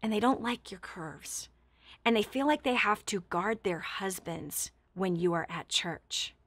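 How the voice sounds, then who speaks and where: A woman's voice: medium pitch, animated, unhurried, fairly bright tone. A woman voicing an earnest, emotional women's ministry leader from her church. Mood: reluctant.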